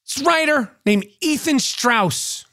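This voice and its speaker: A man's voice: very high voice, expressive, unhurried, sharp tone. A man and podcast host ranting to camera, crude and mocking, often repeating himself. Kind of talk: profane ranting monologue to camera.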